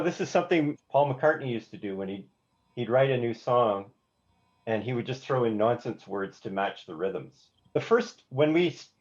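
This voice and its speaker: During a classroom lesson with live demonstration, a songwriting instructor with a mid-range voice explains note values, restarting his words often and singing rhythms on the syllable "da." The class recording sounds slightly dull and lo-fi, and faint instrument playback runs underneath.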